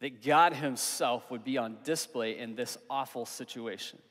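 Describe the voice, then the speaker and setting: A young man preaching a sermon as pastor, earnest and conversational, pausing for emphasis on key words. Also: mid-range voice, a bit bright. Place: church hall. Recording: long reverb of a hall.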